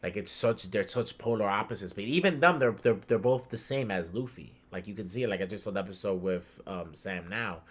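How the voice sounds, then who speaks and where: A man's voice: on the low side, brisk, few pauses. A young adult man hosting a podcast, retelling a story in casual chat with heavy slang and swearing. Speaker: podcast host.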